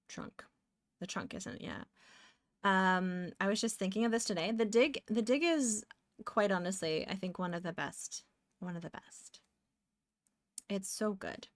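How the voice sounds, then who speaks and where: Young canadian woman rambling on stream while drawing, gets excited fast, dead dry sound. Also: medium pitch, dry recording. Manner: chatty, distracted, bursts of excited exclamations. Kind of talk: casual live-stream chat while drawing.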